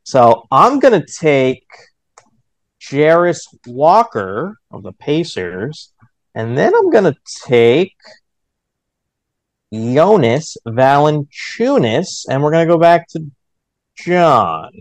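A man co-hosting a casual podcast chat, running a mock draft with quick jokes. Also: no room sound. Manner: quick, joking, lively pitch swings.

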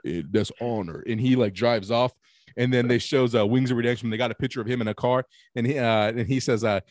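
A man's voice: mid-range voice, steady tone, fast, a little mellow, dry recording. A man in casual podcast chat, telling rambling, profane stories with many restarts. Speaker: podcast co-host.

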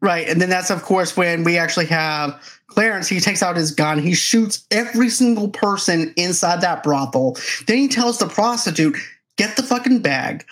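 A man hosting a casual film podcast, recapping the plot at length in a relaxed way with a few stumbles. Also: high-pitched, moderate pace. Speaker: podcast host.

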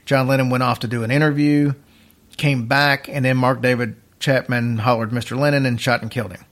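A man with a mid-range voice tells a story on a podcast. His delivery is casual and rambling, full of restarts and fillers. His pace drifts between quick bursts and slow, drawn-out phrases. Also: mid-range voice, flat delivery, fairly bright tone. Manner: rambling, chatty, restarts sentences, uneven pace.

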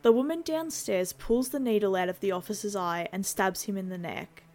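A woman's voice: mid-range voice, normal speed, darkish tone. Woman, movie recap narrator, conversational, wry asides.

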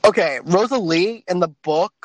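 A man's voice: high voice, normal speed, a crowd in the background. A man hosting a casual podcast chat, rambling and laughing often between his points. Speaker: podcast host.

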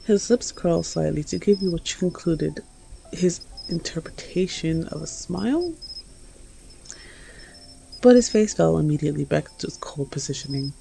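A woman reading a second-person romance story aloud in an intimate, hushed narration. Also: sits low, lively intonation, moderate pace, vocal fry, faint music behind, poor audio. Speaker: reader.

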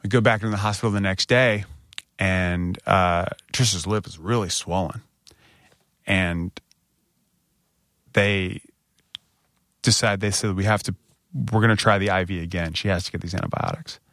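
A man in his thirties, a podcast co-host, telling a candid story and jumping up in pitch when he quotes himself. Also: moderate pace, pauses often, no echo, clean studio sound. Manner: animated retelling, voice rising when quoting himself.

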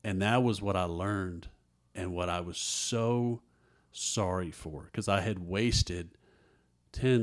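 A man with a twang, speaking lower than most, tells his own story as an interview guest. He is earnest and vivid, and he slips into the voices of the people in the tale. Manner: earnest storyteller who acts out others' dialogue. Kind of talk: telling a personal story.

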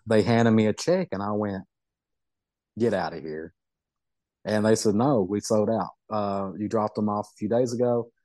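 Guy rambling thru a story, low voice, folksy, dry sound. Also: darkish tone, no echo. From Southeast Kentucky. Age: middle-aged. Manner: folksy, rambling, self-amused. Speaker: podcast guest. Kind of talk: casual storytelling.

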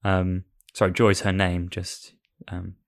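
A man with a fairly low voice co-hosts a relaxed film podcast. He rambles through his stories with a self-deprecating streak and a lot of restarts. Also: slow pace, vocal fry. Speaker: podcast co-host. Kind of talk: casual film podcast chat.

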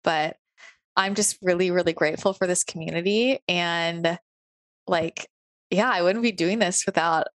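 A woman hosts a podcast from her home, speaking in an earnest, chatty way with plenty of "like" and "right?". Her voice sits a little low, and the sound is dry and close with no room echo. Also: moderate pace. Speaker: podcast host. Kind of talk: casual spiritual podcast monologue. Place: home office. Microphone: home recording on a computer.

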